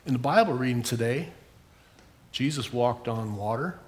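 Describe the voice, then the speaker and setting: A man's voice: mid-range voice, lively intonation, moderate pace. An older man giving a children's sermon, asking the kids questions as he tells the story. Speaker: pastor giving a children's message.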